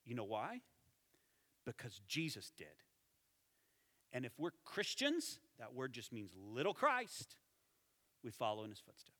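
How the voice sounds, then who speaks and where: A man preaching a sermon as pastor, conversational and animated, dropping to soft tones for emphasis. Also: medium pitch, measured pace, long pauses. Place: church sanctuary. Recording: reverberant hall.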